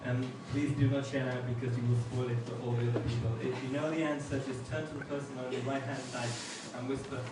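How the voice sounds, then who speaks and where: A man doing a stand-up comedy set, telling deadpan one-liners with pauses for laughs. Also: medium pitch. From outside England. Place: comedy club stage with audience laughter. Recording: echoey club from far off, noisy.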